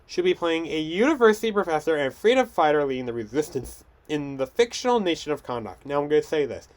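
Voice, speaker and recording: Young male host, a touch high, clean smooth tone, stumbles and restarts as he chats. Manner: rambling, frequent restarts and stumbles. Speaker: podcast host. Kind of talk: casual film news chat.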